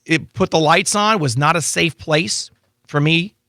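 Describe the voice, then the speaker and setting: A man appearing as an attorney guest, chatting casually in a radio studio and telling animated stories with lots of restarts. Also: fairly high pitch, a little slow, dry recording. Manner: animated storytelling with frequent restarts. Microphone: studio microphone.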